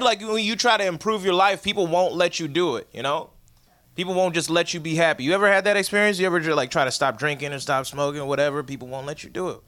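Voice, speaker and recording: A man's voice: a little high, pushed and bright. A young man doing a stand-up comedy set, talking in a loose, profane, conversational way and acting out the voices he quotes.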